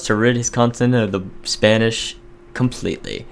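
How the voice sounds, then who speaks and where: A young man giving casual, excitable commentary over a strategy game, reading game events aloud. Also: on the low side, normal speed, vocal fry, smooth. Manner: chatty, excitable, reads in-game text aloud. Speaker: gaming video host. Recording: faint music behind.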